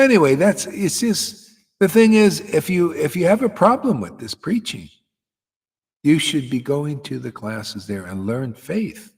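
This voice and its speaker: A man's voice: mid-range voice, a little mellow, husky. Blunt, cussing preacher man in a hall. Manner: blunt, profane, emphatic preaching with laughs. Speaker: spiritual teacher. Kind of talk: informal devotional sermon.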